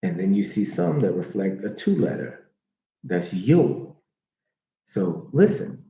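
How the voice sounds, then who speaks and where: Man, teacher, unhurried with many fillers, deep voice; dull, roomy recording. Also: sing-song, warm tone. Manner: slow, repeats names aloud, many fillers. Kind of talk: teaching monologue. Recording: dull echoey room recording.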